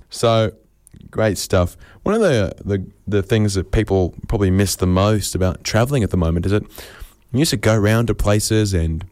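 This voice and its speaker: An Australian man in his twenties or so, hosting a comedy podcast and rambling through deadpan absurd bits, acting out quoted voices. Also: fairly low pitch, moderate pace, no room sound, clean studio sound. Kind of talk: rambling comic monologue.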